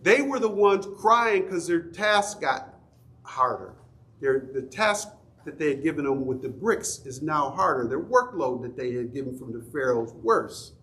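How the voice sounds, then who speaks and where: A man's voice: on the high side, expressive, unhurried, a bit bright. A middle-aged man teaching an adult Sunday school class in a church, talking conversationally and asking the class questions. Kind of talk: Bible study teaching.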